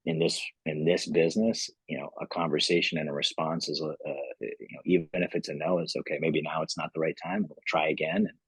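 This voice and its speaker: Male founder, podcast guest: very low, husky voice, dry sound, loose rambling storyteller. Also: flat delivery, fairly quick, hardly any pauses, no room sound, rough recording. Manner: rambling, many "you know" fillers. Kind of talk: casual storytelling interview.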